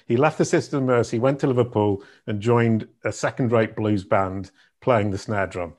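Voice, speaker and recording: A man's voice: on the low side, normal speed, a little mellow. A middle-aged man from Yorkshire, a guest in an interview who tells his stories in a chatty, self-deprecating way. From Yorkshire, England. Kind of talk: conversational interview.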